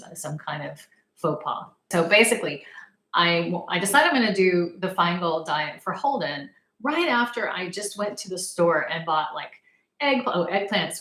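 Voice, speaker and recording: A woman's voice: fairly low pitch, roomy sound, low-quality recording. A woman telling a personal story in a casual, rambling way. She laughs often and acts out her past reactions. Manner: chatty, rambling, laughs often, animated retellings. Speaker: vlogger sharing personal experience.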